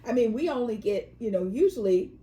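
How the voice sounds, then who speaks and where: Mellow-voiced woman chatting and telling stories. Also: fairly high pitch, lively intonation, brisk, poor audio. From California. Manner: storytelling, acts out quoted voices. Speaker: co-host. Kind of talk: casual chat.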